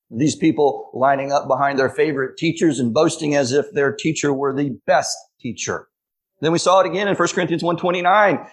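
A pastor preaching a sermon, emphatic, slowing down to stress key phrases. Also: male voice, medium pitch.

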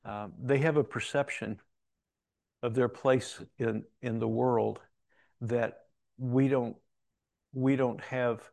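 A man's voice: medium pitch, fairly even intonation, takes it slowly, creaky, pauses often, a little mellow, no echo. A man telling a personal story in a conversational, rambling way, with restarts and quoted dialogue. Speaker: Christian speaker telling a story.

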